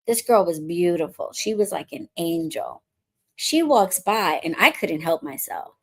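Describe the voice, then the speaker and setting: Here a woman from the Bronx, an adult married since before 2020, spins a casual, chatty story and animatedly performs what people said. A witchcraft coach and podcast host, she talks at normal speed in a mid-range voice.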